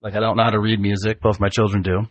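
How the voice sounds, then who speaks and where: A man in his forties with a fairly low voice, chatting on his podcast. He tells long family stories in an easy, chatty way and laughs along. The sound is dry and close to the mic. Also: flat delivery, very fast, dry recording. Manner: chatty storyteller, laughs often. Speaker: podcast host, father. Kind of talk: casual family chat.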